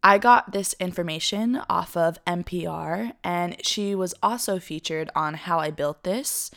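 A young woman co-hosting a podcast, telling a story in a chatty, animated way with frequent laughs. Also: lowish voice, measured pace, gravelly. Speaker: podcast co-host. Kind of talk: casual storytelling chat.

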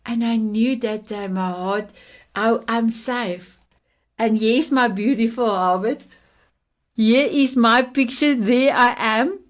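South african woman, 50s, afrikaans first language, kinda high voice, heartfelt affectionate storytelling on a podcast. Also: takes it slowly. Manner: heartfelt, affectionate, repeats endearments. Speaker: guest. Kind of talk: emotional personal storytelling.

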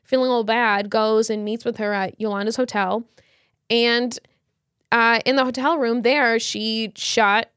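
A woman's voice: fairly high pitch, fairly even intonation, measured pace, fairly bright tone, smooth, no echo, studio quality. A woman co-hosting a podcast, telling a story in casual chat with slang and lots of fillers. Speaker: podcast co-host.

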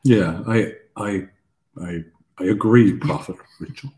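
A man's voice: fairly low pitch, slow, a little mellow. A man co-hosting a podcast in casual conversation about faith, joking at his own expense and then turning earnest. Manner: jokey and self-deprecating, then earnest. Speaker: podcast co-host.

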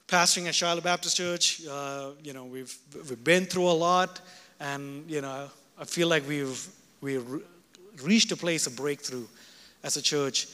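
Male pastor, high bright voice, fervent sermon delivery, echoey hall. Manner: fervent, swings from shouting to quiet prayerful tones. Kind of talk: sermon at a revival gathering.

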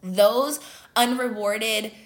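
A woman's voice: fairly high pitch, steady tone, very slow. Earnest young woman giving a pep talk. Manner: earnest, emphatic, uses many fillers. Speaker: motivational speaker. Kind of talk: casual motivational talk.

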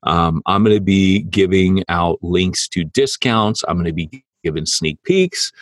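A man's voice: deep voice, a little slow, no echo. A man co-hosting a podcast, chatting casually and teasing his co-host. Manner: joking, teasing banter. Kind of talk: casual chat. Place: home under renovation, drywalling.

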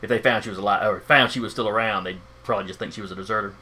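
A man's voice: lowish voice, fairly even intonation, very fast, sharp tone. A man running a tabletop role-playing game as game master, narrating hesitantly with many fillers.

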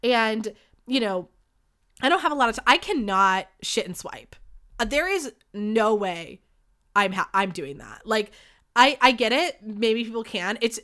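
Bright, candid young woman podcaster. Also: a little high. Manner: chatty, candid and animated, with frequent swearing. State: sick. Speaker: podcast host. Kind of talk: casual solo podcast storytelling.

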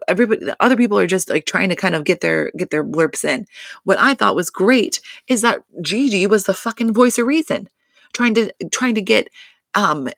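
Gravelly-voiced woman recapping casually. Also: medium pitch, no room sound, clean studio sound. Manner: chatty, many fillers, exclaims and swears. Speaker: reality TV recap host.

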